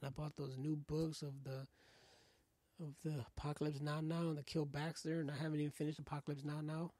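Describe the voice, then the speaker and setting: A man's voice: on the high side, fairly quick, dry recording. A man hosting a casual podcast monologue with a New York accent, swearing often and acting out little dialogues. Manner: profane, animated, acts out dialogue in voices. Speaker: podcast host.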